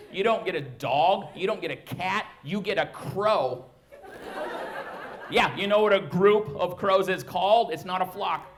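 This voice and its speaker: A man in his thirties doing a stand-up comedy set on a club stage, talking conversationally into a handheld mic. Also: sits high. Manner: conversational, bursts into loud shrieking impressions of his kids. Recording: live club recording with audience laughter and noise. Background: audience laughing.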